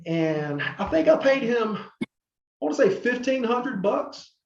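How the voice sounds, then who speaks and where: A man with an extremely high, gravelly voice and big pitch swings speaks at a measured pace as a podcast guest. The former wrestler from North Carolina rambles through casual interview stories, full of fillers and restarts, voicing the people he quotes. The roomy recording sounds slightly muffled.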